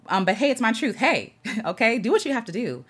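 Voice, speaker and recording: A woman's voice: on the high side, sing-song, a little fast, slightly rough. A woman hosting an impromptu livestream from her home, chatting casually, reading viewer comments aloud and greeting people as they join. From United States. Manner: earnest, reads out viewer comments and greets them warmly. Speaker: livestream host.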